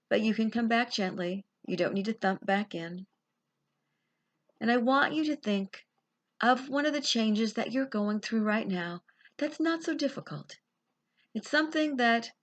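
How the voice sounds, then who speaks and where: A woman guides a relaxation visualization in a slow, soothing way, letting her words settle between pauses. Her voice sits at an ordinary middle pitch, unhurried and gentle. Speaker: life coach leading a guided visualization. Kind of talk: guided meditation.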